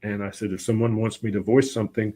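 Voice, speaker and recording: Middle-aged guy, lowish voice, chatty guest spinning stories and quoting himself. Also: quick pace. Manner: animated anecdotes, often quoting himself. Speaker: guest, voice-over and public speaking teacher. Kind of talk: casual conversational storytelling.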